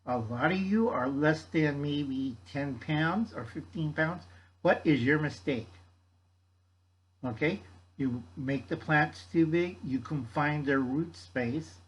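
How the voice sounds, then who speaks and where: An older man with a husky, slightly raised voice talks in a loose, rambling way, giving blunt gardening advice and scolding his viewers in a folksy tone. The recording is muffled and lo-fi. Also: a little high, slow pace. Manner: blunt, scolding, folksy, refers to himself in third person. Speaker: gardening channel host. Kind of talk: casual rambling advice chat.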